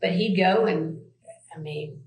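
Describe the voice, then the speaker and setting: A woman's voice: on the low side, slow pace, darkish tone. Rambling Southern woman in a roomy room. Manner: rambling and hesitant, many fillers. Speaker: interviewee. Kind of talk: recorded police interview.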